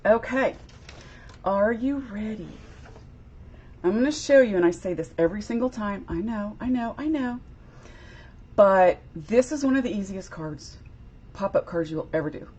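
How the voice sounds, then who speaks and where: A woman's voice: mid-range voice, animated, moderate pace, pauses often, darkish tone, breathy edge. A woman giving a chatty live-streamed craft demo, greeting viewers by name in a bubbly, casual way. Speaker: crafter demonstrating a product.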